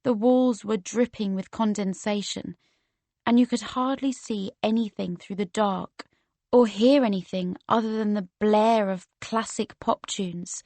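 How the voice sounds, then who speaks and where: Woman, audiobook narrator, first-person story, steady measured reading, mid pitch, dry close mic. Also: no room sound.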